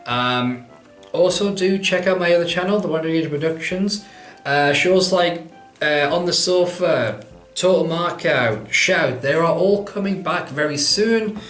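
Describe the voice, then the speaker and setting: A man's voice: fairly high pitch, unhurried, fairly bright tone, echoey room, soft background music. A man, answering viewer questions in a casual vlog, chatty and rambling, poking fun at himself. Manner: chatty, rambling, self-deprecating.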